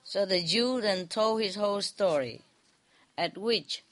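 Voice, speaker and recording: A woman's voice: medium pitch, measured pace, fairly bright tone. A woman telling a folk tale to a group in loose, conversational English, chuckling often as she goes. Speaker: storyteller.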